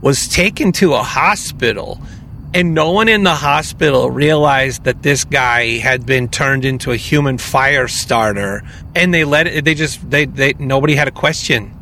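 A man's voice: mid-range voice, normal speed, sharp tone, slight background noise. A male podcast co-host in casual chat, incredulous and rambling, often restarting his thoughts.

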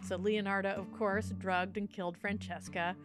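A woman's voice: medium pitch, little pitch movement, normal speed, over music. A woman co-hosting a podcast, chatting and telling a true crime story in a loose, giggly way full of "like.". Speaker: podcast co-host.

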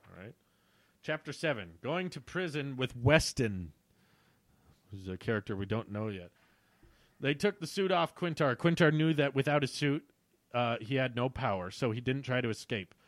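A man's voice: medium pitch, expressive, moderate pace, dry recording. Young man, reads old story aloud with amused commentary, dry close sound. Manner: amused, laughs at his own writing. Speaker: YouTuber reading his childhood story.

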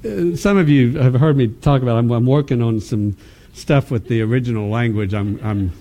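A man's voice: medium pitch, moderate pace. A man preaching at a conference, telling a personal testimony with laughter and acted-out dialogue, often restarting his words. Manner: animated storytelling, acts out dialogue with laughter; stammering restarts when speaking reflectively. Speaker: conference speaker.

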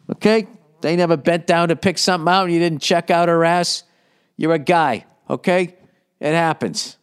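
A man's voice: a little high, clear, resonant tone. A man hosting a casual advice podcast, talking in a blunt, profane, rambling way. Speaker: podcast host answering listener questions.

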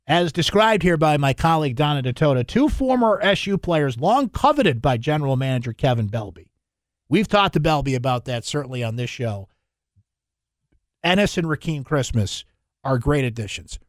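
Dude on sports radio ranting casually, opinionated, dry close mic. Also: male voice, mid-range voice, dry recording. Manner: opinionated, conversational, quick asides. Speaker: sports talk radio host. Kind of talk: casual sports talk commentary.

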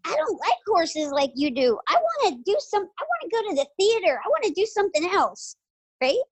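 Mom putting on a nervous little girl of six, squeaky and pleading. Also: sing-song, brisk. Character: six-year-old girl, hesitant and worried.

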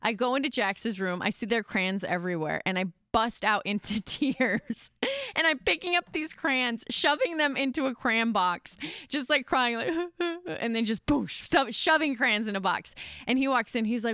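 A woman's voice: a little high, moderate pace, bright, forceful tone, smooth, no echo, studio quality. A woman hosting a podcast, chatting openly and candidly into a microphone, telling stories with many fillers. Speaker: podcast host. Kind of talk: casual candid chat.

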